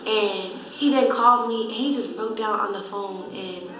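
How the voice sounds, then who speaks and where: A young woman co-hosting a vlog, telling a story in an animated way while holding back tears. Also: medium pitch, moderate pace, slight background noise. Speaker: co-host, friend. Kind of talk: emotional storytelling. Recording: echoey room.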